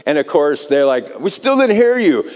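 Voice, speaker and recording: An American man preaching a sermon, telling a personal story in an animated way and often repeating words as he starts a phrase. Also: on the high side, normal speed. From United States. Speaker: pastor. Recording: long hall reverb.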